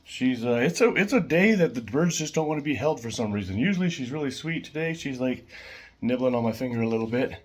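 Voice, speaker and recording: A man casually showing his pet birds at home, chatting in a rambling way with fillers and soft laughs. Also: mid-range voice, expressive, fast talker.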